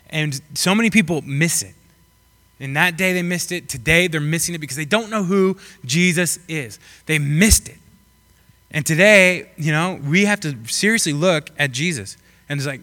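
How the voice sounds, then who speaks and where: A young man preaches in a loose, joking way, rambling and full of fillers as he talks to the room. His voice is bright and slightly higher than most men's. It rings out with the long reverb of a hall. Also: moderate pace. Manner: rambling and jokey with many fillers. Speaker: pastor. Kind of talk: casual, joking sermon.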